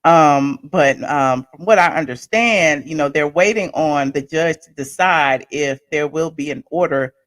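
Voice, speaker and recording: A woman hosting a casual live stream, chatty and animated, her voice swinging between loud bursts and soft asides. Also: sits low, unhurried, few pauses, no echo, clean studio sound.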